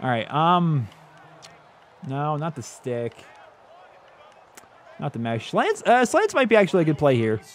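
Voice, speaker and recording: A man giving excited, chatty commentary over his own football video game, laughing and talking straight to his viewers. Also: on the high side, a little slow, pauses often, slight background noise. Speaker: gaming YouTuber.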